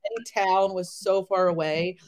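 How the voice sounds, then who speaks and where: A woman in her thirties, a podcast guest, telling travel stories in a chatty, animated way with lots of fillers. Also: lowish voice, normal speed, low-quality recording. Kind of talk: casual chat.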